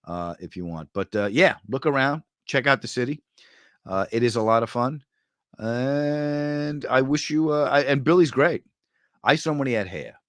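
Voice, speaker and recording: A New York comedian riffing casually through viewer comments, his pitch swinging widely as the jokes land. He tells stories with sudden high, excited bursts. The sound is dry and close, with no room around it. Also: no echo. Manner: jokey, animated storyteller with sudden high bursts. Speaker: comedian hosting a live chat.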